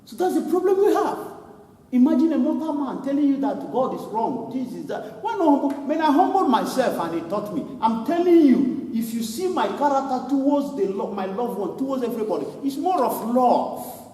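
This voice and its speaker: Animated preacher man in an echoey hall. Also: very high-pitched, moderate pace, recorded from a distance. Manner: animated preaching, laughing and mimicking others. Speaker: pastor. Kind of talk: sermon. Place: church hall.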